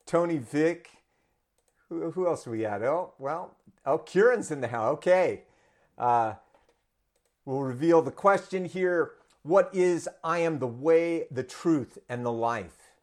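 A man's voice: a little high, lively intonation, slow. A man preaching a sermon run as a quiz game for an online congregation, conversational with frequent fillers and restarts. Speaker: pastor. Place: church congregation in Vancouver.

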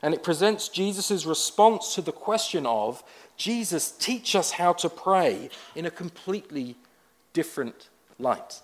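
Male pastor, slightly high voice, wry storytelling sermon. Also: animated, unhurried. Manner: conversational storytelling with wry asides.

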